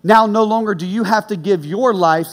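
A man preaching a sermon in a high, lively voice. He tells stories with animated energy, shouting the punchlines, then drops low and quiet to make his serious points. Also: moderate pace. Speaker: pastor. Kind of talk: sermon with personal story.

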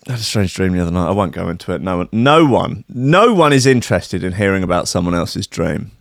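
A man's voice: deep voice, animated, fast, no room sound, studio quality. A man hosting a casual comedy show, talking in a sweary, rambling and sarcastic way. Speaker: host.

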